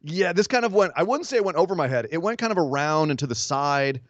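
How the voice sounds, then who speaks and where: Man, podcast co-host, casual wrestling recap, lively pitch swings, dry lo-fi sound. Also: quick pace, dry recording. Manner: animated storytelling, acts out quotes in silly voices.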